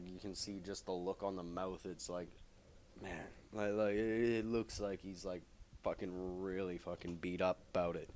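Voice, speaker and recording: A man's voice: a little mellow, slight background noise. A man casually recapping a comic book plot, rambling and swearing heavily. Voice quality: low voice, heavy swearing, rambling.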